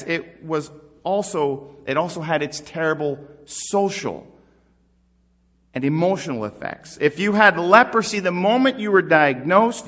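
A man's voice: fairly high pitch, a bit bright. Emphatic male preacher in a reverberant hall. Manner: emphatic, rising and falling delivery with questions to the congregation. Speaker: pastor. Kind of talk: sermon.

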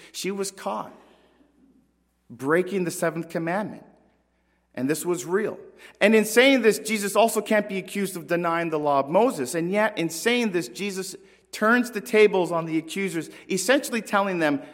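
A male pastor delivers a sermon with earnest, dramatic emphasis and pointed pauses. His voice sits a little high for a man and rings out with a long reverb in a large church hall.

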